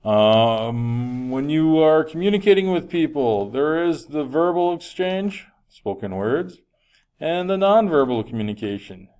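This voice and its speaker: A man's voice: fairly high pitch, expressive, measured pace, darkish tone, smooth. Man lecturing a health class. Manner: conversational, frequent um fillers, projecting voice. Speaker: health teacher.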